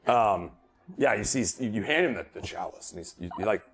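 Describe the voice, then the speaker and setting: A man's voice: on the low side, brisk, slight background noise. A man narrating as dungeon master in a tabletop game, talking animatedly and voicing the characters. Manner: animated, drops to a hushed voice for a character, bursts into loud outbursts.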